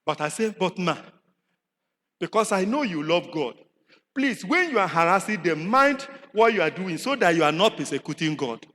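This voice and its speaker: A man with a Nigerian accent preaching a sermon in a chapel, animated, swinging from shouts to low asides and asking rhetorical questions. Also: normal speed. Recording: long hall reverb in a chapel.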